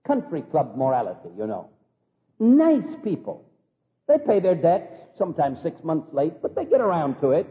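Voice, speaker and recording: A man preaching a sermon with animated storytelling and vivid examples. His voice is fairly high and rises and falls widely. The recording is thin and boxy, like a phone line, with a long hall reverb. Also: moderate pace. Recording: echoey hall over tinny phone-like line.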